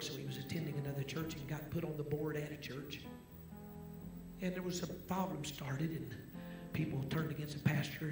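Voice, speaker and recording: Male preacher, fairly high and gravelly, in an echoey sanctuary. Dramatic dips into whispers. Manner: swings between loud preaching and hushed near-whispers. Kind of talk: sermon. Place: church sanctuary. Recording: roomy church echo with music.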